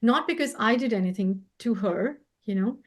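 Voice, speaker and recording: With a mid-range voice and a moderate pace, a spiritual healer who co-hosts speaks warmly and effusively, laughing a lot. It's a casual, heartfelt conversation taking place over a video call.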